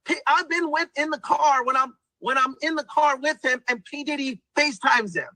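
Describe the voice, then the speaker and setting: A man's voice: extremely high pitch, moderate pace, sharp tone, no room sound, low-quality recording. A man giving an emphatic motivational pep talk, repeating himself and calling the viewers guys. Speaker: testimonial speaker.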